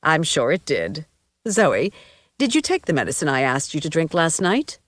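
A woman voicing a falsely caring female mentor who speaks in a measured, soothing way in an audiobook. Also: low voice, big pitch swings, no room sound.

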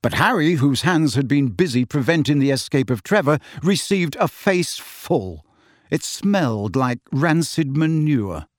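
A man narrating an audiobook in an expressive, measured storytelling manner. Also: fairly high pitch, no room sound, studio quality.

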